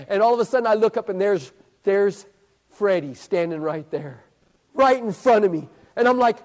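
Excitable high-voiced male preacher. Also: normal speed. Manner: animated, building suspense with repeated questions. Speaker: street preacher. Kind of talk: sermon storytelling. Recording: echoey hall.

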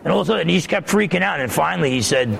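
A man preaches as a pastor, his voice deeply gravelly and somewhat high. He drives each point home through repetition and rises in pitch when stirred. The recording is noisy, with traffic sounds behind him. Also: animated, racing. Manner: emphatic preaching, repeats key points, voice climbs when stirred. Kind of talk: sermon.

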